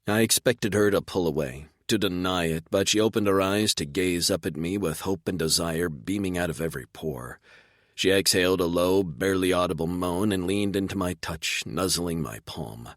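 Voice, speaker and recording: Man, audiobook narrator, first-person romance, deep voice, dry close mic. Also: no room sound.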